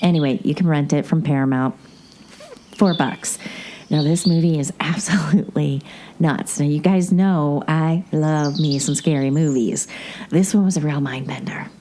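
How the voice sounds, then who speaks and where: A woman's voice: low-pitched, moderate pace, warm tone, a little hiss or hum. A woman hosting a podcast, recapping a movie in a rambling, chatty way with many asides. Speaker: podcast host. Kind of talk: casual movie recap chat.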